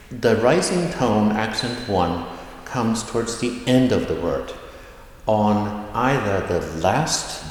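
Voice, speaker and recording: A man teaching a language lesson, reading word lists slowly and enunciating each word clearly. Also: on the low side. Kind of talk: pronunciation lesson. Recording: echoey room with long reverb.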